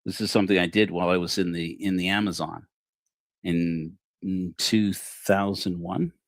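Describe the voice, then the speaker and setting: A man in his forties telling a personal story on a livestream, acting out the dialogue with animated shifts in his voice. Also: sits low, normal speed, no room sound, studio quality. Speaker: livestream host.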